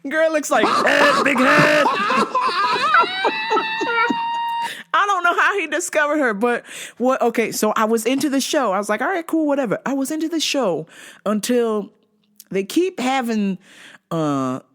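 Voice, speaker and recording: A woman host delivers a profane, comedic rant, her pitch leaping all over the place. She keeps breaking into high, shrieking laughter and acts out the voices of the people she quotes. The tone stays loose and casual throughout. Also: expressive, moderate pace, heavy background noise. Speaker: podcast host.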